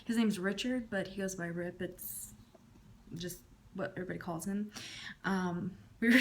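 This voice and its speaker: A little hiss or hum sits under this medium-pitched female voice. She's a YouTuber in her thirties from the Southern United States who answers tag questions casually and lowers her voice at the close of phrases.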